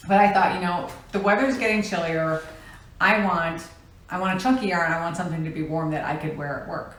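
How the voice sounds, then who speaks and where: A woman's voice: lowish voice, fairly quick, fairly bright tone. A woman co-hosting a crafting podcast, chatting casually and telling little stories with quoted lines. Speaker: podcast co-host. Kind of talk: casual chat. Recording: echoey room with faint noise.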